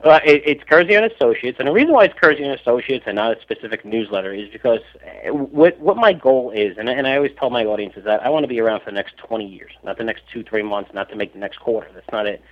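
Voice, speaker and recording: A man's voice: medium pitch, animated, quick pace. Man, casual podcast chat, rambling, many "you know"s, muffled lo-fi sound. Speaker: stock newsletter writer, guest.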